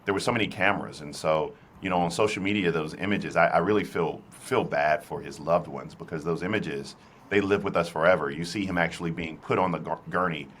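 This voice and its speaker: Brief: deep-voiced male commentator, earnest, restarts often. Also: a little fast, fairly bright tone, slight background noise. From South Carolina. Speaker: political commentator. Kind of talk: casual interview talk.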